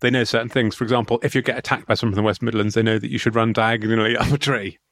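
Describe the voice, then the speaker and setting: A man co-hosting a comedy podcast, spinning absurd deadpan riffs with many restarts. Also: mid-range voice, racing, creaky, dry recording, studio quality. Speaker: podcast co-host. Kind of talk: comedic banter.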